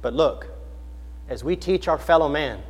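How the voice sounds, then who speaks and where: A man's voice: fairly high pitch, animated, measured pace, slightly rough, in a large hall. A man preaching a sermon in an earnest, questioning manner, building emphasis through repetition. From United States.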